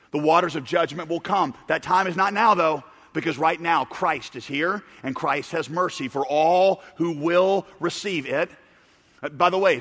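A man preaching a sermon as pastor, swinging between forceful declarations and quieter, conversational stretches. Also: a little high, long reverb tail. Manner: preaching with dramatic shouted quotes and swings in volume.

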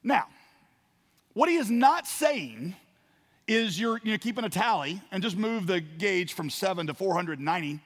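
A man preaching a sermon as a pastor, telling a parable with acted-out voices and swings from quiet to loud. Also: sits high, animated, normal speed. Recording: long hall reverb.

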